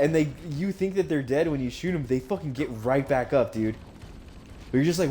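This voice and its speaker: A young male streamer talking through a game in loose, excitable commentary, full of swearing and quick laughs. His voice is mellow and warm, sitting at an ordinary pitch. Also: slight background noise. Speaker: gaming streamer. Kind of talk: casual let's-play commentary.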